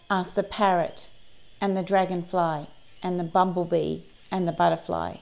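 A woman reading a picture book aloud, patiently listing each animal in a steady cadence. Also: lowish voice, moderate pace, creaky, poor audio. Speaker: storyteller.

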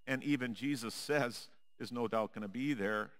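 A male pastor preaching a sermon in a church, with a measured, dramatic delivery that drops low and quiet on the repeated refrains. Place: church sanctuary.

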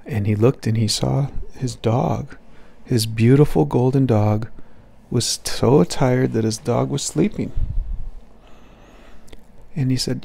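A man gently making up a nap-time story for his young child in a soothing, repetitive way. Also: mid-range voice, unhurried, gravelly. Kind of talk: improvised bedtime story.

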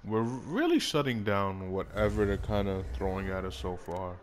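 A man's voice: lowish voice, sing-song, moderate pace, slight background noise. A young man giving casual, profane running commentary while playing a football video game, breaking into frequent outbursts at the action. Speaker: gaming YouTuber. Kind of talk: casual live commentary over gameplay.

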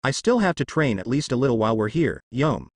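Man reading a tender, earnest young male ninja; lively pitch, dry sound. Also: fairly quick, no room sound.

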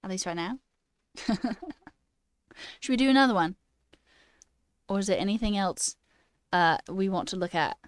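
A woman's voice: mid-range voice, animated, normal speed, pauses often, clear, resonant tone, no echo, clean studio sound. A woman chatting casually on a live stream, playfully putting on a mock British accent and laughing often as she reads chat aloud. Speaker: livestreamer and new software engineer.

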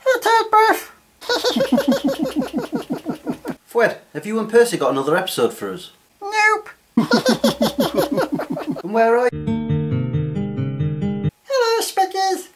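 A man voicing a cheeky, mischievous male troll who talks in a squeaky, giggly, mocking way in a comedy video. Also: wildly swooping pitch, slow pace, long pauses, loud music behind the voice, exaggerated voice. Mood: teasing.

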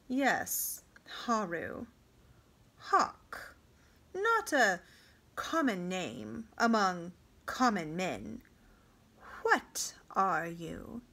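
A shrewd, indifferent king speaks in a flat, toneless way, probing his captive slowly, as a woman reads him aloud. Storybook reading, the voice pitched a little higher than the narration. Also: heavily acted. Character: shrewd, indifferent middle-aged male king.

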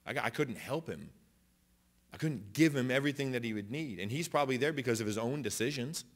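A man preaching a sermon as pastor in a church auditorium, impassioned, moving between loud declarations and quiet storytelling, with frequent restarts and repeated phrases. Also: mid-range voice, expressive, a little fast.

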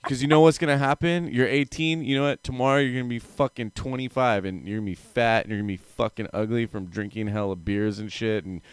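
A man's voice: medium pitch, steady tone, quick pace, few pauses, clean tone, no room sound. A man hosting a livestream call-in show, talking crudely and insulting callers in a brash, rambling way. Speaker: livestream host taking callers. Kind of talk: crude profane call-in chat. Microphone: headphones on.

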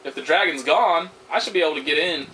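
A man's voice: fairly high pitch, fast, background noise. A young man giving casual gameplay commentary, frustrated and swearing as he rambles. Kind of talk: casual let's-play commentary.

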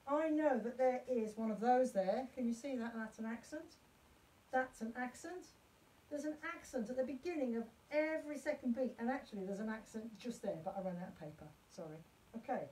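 A woman's voice: a little high, mellow. A woman music teacher leading a live-streamed lesson for parents in a chatty, encouraging way, chanting rhythm syllables. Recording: voice from far off the mic.

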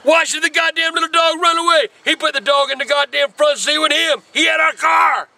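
A man, telling a rambling story full of cursing that breaks into shouting. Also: extremely high pitch, fairly even intonation, brisk, creaky. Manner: cursing, repetitive, bursts into shouting. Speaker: channel regular.

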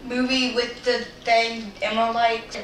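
A slow-talking woman with a fairly high voice, playful and quick to laugh in casual game chat. She is heard from a distance in an echoey room. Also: level tone, fairly bright tone, a little hiss or hum. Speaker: guest.

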